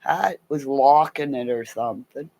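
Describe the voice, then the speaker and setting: A woman's voice: extremely low pitch, a little slow, vocal fry. A middle-aged woman telling rambling personal stories in a casual, profane way, laughing as she goes. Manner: animated, swears a lot, laughs mid-story. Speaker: storyteller.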